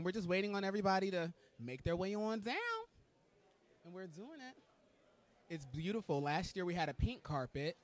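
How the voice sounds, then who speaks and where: A man's voice: fairly high pitch, darkish tone. Gushing, campy male red carpet host. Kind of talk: live red carpet commentary. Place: indoor red carpet event.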